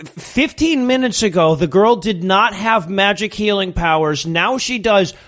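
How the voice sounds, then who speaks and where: A man's voice: high voice, lively intonation, unhurried, fairly bright tone. A man co-hosting a casual comedy podcast, ranting in exasperation about a movie, swearing and laughing. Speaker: podcast co-host reviewing a movie.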